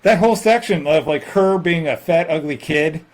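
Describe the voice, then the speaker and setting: A man co-hosting a podcast in casual chat, talking in halting bursts and laughing along. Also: on the high side. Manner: halting, many fillers and restarts, laughing. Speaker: podcast co-host.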